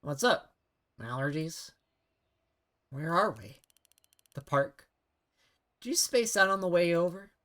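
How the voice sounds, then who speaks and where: A woman's voice: on the low side, very animated, slow pace, long pauses, a bit bright, exaggerated voice. A woman voicing a female AI assistant in a game, sweet-sounding and passive-aggressive, with a condescending manner. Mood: chirpy. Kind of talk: game dialogue read-along.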